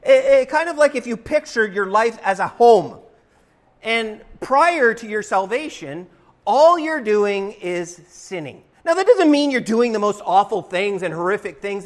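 High-voiced man preaching a sermon. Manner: emphatic, conversational preaching with rising stresses. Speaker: pastor. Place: church sanctuary.

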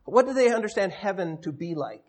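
A man preaching a sermon as pastor, explaining in a teaching tone, with loud stressed words and quiet drops. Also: high voice, very animated, brisk. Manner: explanatory teaching tone with audience asides.

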